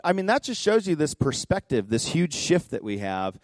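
A man pastor giving a sermon in a church, telling a story conversationally with quick asides. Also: a little high, sing-song, no echo. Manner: impassioned, rising to near-shouting pleas. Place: church sanctuary.

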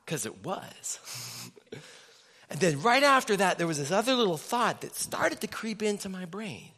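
A man with a high, bright voice preaches a sermon to his church. He tells stories with animation and slips into acted inner voices. His voice carries a long reverb through the church hall. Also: animated, normal speed. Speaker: pastor.

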